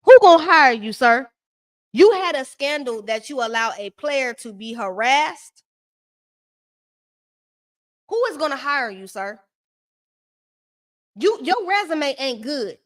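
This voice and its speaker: A high-voiced woman holds court on a live stream, recapping a reality show in a loose, chatty way. She is sassy and shady, ranting at the people on screen. Her voice sits up high and stays lively. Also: takes it slowly, pauses often. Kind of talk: casual live-stream commentary.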